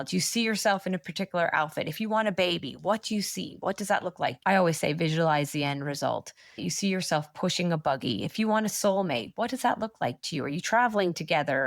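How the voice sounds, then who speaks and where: A woman in her thirties chats as a manifestation coach on a podcast, storytelling with quick asides and a blunt, encouraging edge. Her voice sits slightly low. The recording is close and dry with no room sound. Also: no room sound. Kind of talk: casual podcast interview chat.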